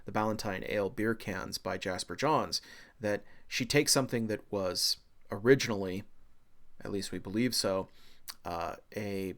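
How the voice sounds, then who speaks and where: A fairly low-voiced man delivering a university art history lecture. He speaks with lively, excitable energy, sprinkling in fillers and self-deprecating jokes as he explains.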